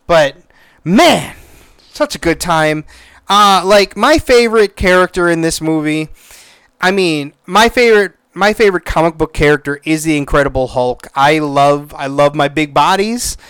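Excitable, profane man reviewing a movie. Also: sits high, a little slow, clean tone, dry recording. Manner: excitable, profane, many restarts. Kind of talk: casual spoken movie review.

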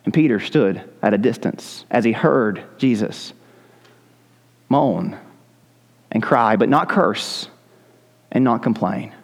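A man's voice: medium pitch, expressive, takes it slowly, long pauses, long reverb tail. A male pastor preaching a sermon in a church, retelling scripture in a vivid, dramatic storytelling manner. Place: church sanctuary.

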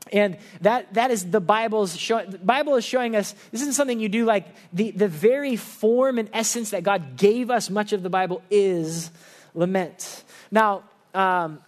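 A pastor giving a conversational sermon in a church service, telling personal stories in an earnest way. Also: male voice, high voice.

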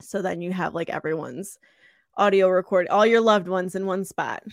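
A woman's voice: fairly low pitch, moderate pace, creaky, no echo, studio quality. A young woman co-hosting a podcast, telling stories in a chatty way and laughing often. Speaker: podcast co-host. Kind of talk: casual chat.

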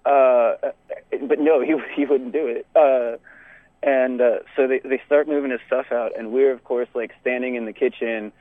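A young Texan man tells a story in casual podcast chat, animated, laughing often, and using many fillers. His mid-range voice moves at normal speed. The recording is dry but sounds tinny, like a phone.

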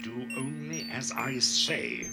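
An actor playing a sinister, commanding villain in a 1980s TV sci-fi drama, with music behind him. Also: male voice, mid-range voice, wildly swooping pitch, takes it slowly, creaky, heavily acted.

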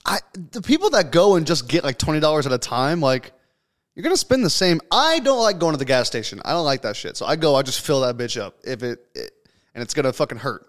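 A man's voice: fairly high pitch, big pitch swings, fast. A young man hosting a podcast, chatting casually and joking with friends, swearing freely. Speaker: podcast host. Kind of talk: casual chat.

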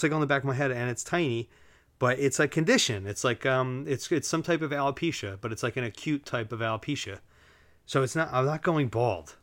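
At home, relaxed and drinking, a podcast host rambles through his solo show with plenty of fillers and jokey asides for his listeners. His voice sits at medium pitch, and there's no room sound in the recording.

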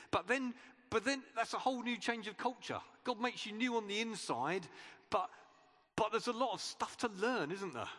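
A man's voice: sits high, fairly bright tone. A man preaching a chatty, conversational sermon in church, with playful asides to his listeners. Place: church hall. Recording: reverberant church hall.

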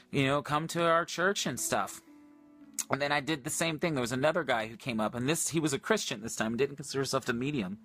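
A man ministering on a livestream, earnestly retelling a prayer encounter in casual storytelling with much quoted dialogue and excited high points. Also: brisk, soft background music.

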